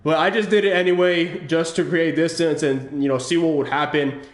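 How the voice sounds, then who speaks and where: A man giving casual commentary over footage of his own fighting-game match, explaining his choices in a halting way with frequent restarts. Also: on the high side, fairly even intonation, reverberant. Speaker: channel host analyzing his own match.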